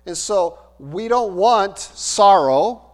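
Middle-aged male pastor, emphatic conversational sermon, slightly high voice, echoing church hall with hum. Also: expressive, slow pace. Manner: emphatic, conversational preaching with rhetorical questions. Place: church sanctuary. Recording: long hall reverb with mains hum.

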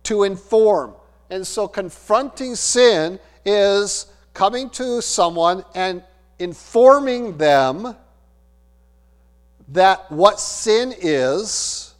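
A man's voice: sits high, expressive, extremely slow, long pauses, clean tone. A middle-aged man preaching a sermon as pastor, emphatic and conversational, asking the congregation rhetorical questions. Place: church sanctuary. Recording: long hall reverb with mains hum.

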